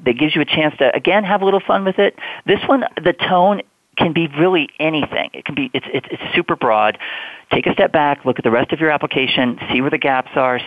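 A man talking as a guest admissions advisor, giving relaxed advice with many ums and restarts. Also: mid-range voice, no room sound. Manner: relaxed, explanatory, many fillers. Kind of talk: conversational advice. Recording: tinny phone line, dry.

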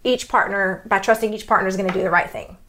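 Texan woman, mid-pitched, podcast co-host, explainer tone with restarts. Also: quick pace, a bit bright, a little hiss or hum. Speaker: podcast co-host, relationship doctor.

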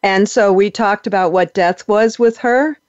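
A man hosting a casual interview, talking hesitantly with many pauses and soft laughs. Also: sits high, clean tone, dry recording. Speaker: podcast host. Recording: dull lo-fi, dry audio.

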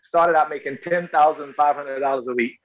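A man from North Carolina with a fairly high voice tells stories in a relaxed interview. He is animated and often repeats words as he goes. He talks about his own life as the guest actor. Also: a little fast, dull audio. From North Carolina, USA. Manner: animated, repeats words while telling a story. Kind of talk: casual storytelling interview.

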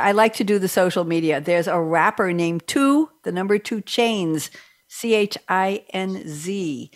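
A middle-aged woman hosting a radio talk show, chatting casually and rambling from one aside to the next. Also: medium pitch.

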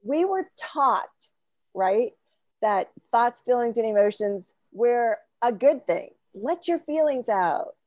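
A woman talking as a podcast guest in an animated way, laughing often as she tells stories. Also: a little high, takes it slowly, dry recording. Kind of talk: casual podcast conversation. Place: Florida.

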